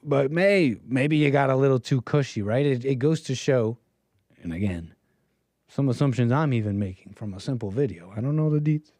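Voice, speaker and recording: A man hosting a livestream delivers opinionated commentary with a mocking tone. His voice sits at a middle pitch, recorded close and dry. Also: animated, moderate pace, darkish tone, dry recording. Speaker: livestream host. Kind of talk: political commentary.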